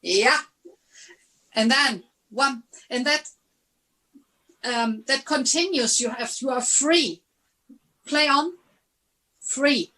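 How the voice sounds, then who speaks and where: Slow, high-voiced woman coaching music. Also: pushed and bright, low-quality recording. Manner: sings phrases on nonsense syllables to demonstrate. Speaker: music teacher giving a masterclass. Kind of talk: online music lesson. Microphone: video call.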